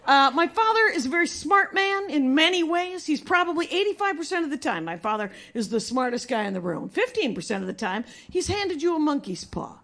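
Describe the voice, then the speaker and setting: A middle-aged woman doing a stand-up comedy set on stage, telling stories with wry, deadpan delivery. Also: high-pitched, a little fast, hardly any pauses.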